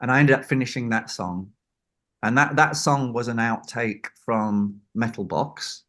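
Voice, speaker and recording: A man's voice: mid-range voice, steady tone, a little slow, a bit bright. A man, a record producer, telling a story in an interview and acting out the people he quotes. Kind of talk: anecdote in an interview.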